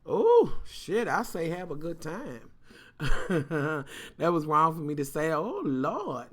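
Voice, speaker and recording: A woman's voice: low-pitched, expressive, takes it slowly. A woman vlogger telling a story casually and talking straight to her viewers, cursing freely and with lots of animation.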